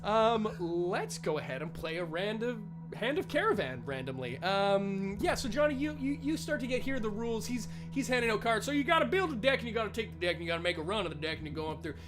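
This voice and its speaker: A man's voice: sits high, lively intonation, fast, hardly any pauses, music in the background. A man running a tabletop game as game master, rambling and swearing freely. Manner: rambling, frequent restarts and swearing. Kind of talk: narrating a tabletop game live.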